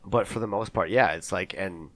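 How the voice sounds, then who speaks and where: A man's voice: deep voice, normal speed, fairly bright tone, dry recording. A man co-hosting a podcast, chatting casually and rambling, self-deprecating about his own voice. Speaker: podcast co-host. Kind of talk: casual chat. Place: basement.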